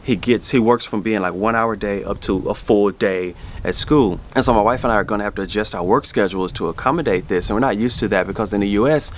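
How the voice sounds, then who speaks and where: A man's voice: fairly low pitch, quick pace, hardly any pauses, slight background noise. A middle-aged man from the South, chatting casually to camera for his family vlog, rambling with many restarts. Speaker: family vlogger.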